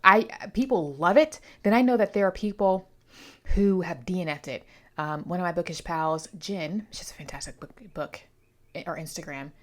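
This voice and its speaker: A woman's voice: lowish voice, normal speed. A woman giving a casual, chatty book review on her vlog, rambling with playful asides while congested from allergies.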